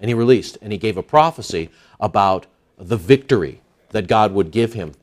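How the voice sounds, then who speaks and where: A man preaching a sermon, lively and emphatic, asking the listeners rhetorical questions. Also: on the low side, normal speed. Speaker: pastor.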